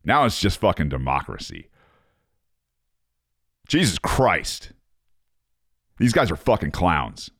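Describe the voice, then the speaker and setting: Deep-voiced man ranting sarcastically. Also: huge pitch swings, slow, creaky, long pauses, a bit bright, no echo, clean studio sound. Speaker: commentator, former Marine. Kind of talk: casual monologue reading and reacting to an article.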